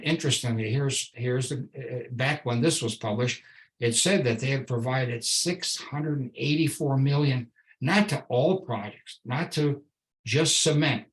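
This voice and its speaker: Guy giving a slide talk, mid pitch, dry sarcastic asides, lots of restarts. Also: poor audio. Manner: wry, sarcastic asides, frequent restarts and fillers. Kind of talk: public lecture with slides.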